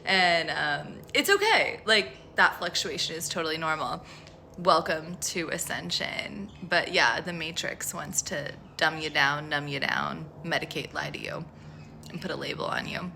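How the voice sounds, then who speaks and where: A woman's voice: low-pitched, lively intonation, measured pace, vocal fry, pushed and bright, slight background noise. A woman talking casually to camera about spirituality, frank and profane, rambling with lots of "like.". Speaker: spiritual tarot vlogger.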